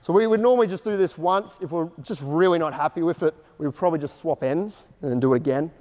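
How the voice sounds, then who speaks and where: A man's voice: a little high, a little mellow. Male coach in an echoey gym. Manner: explains drills in short casual instructions, then calls out quick drill cues. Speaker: basketball coach. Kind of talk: coaching clinic instruction. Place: indoor basketball court. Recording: echoey gym hall reverb.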